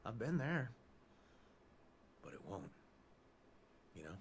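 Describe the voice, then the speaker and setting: A man's voice: mid-range voice, sing-song, takes it slowly, husky, full character voice. An actor playing a chatty reformed male ex-raider in a video game, rambling with self-deprecating asides. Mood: scheming.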